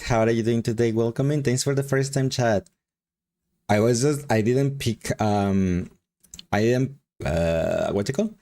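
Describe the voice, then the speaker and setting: A man's voice: fairly low pitch, vocal fry, a little mellow. A man with a Mexican accent chatting casually with his live stream chat, rambling and laughing often. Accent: Mexican Spanish.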